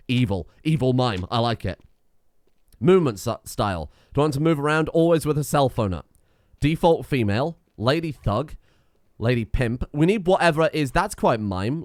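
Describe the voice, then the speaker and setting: An English man from England casually narrates a video game while playing it, swearing often in a sweary, chuckling, offhand way, like a game streamer doing let's-play commentary. His medium-pitched voice is recorded with studio quality and no echo.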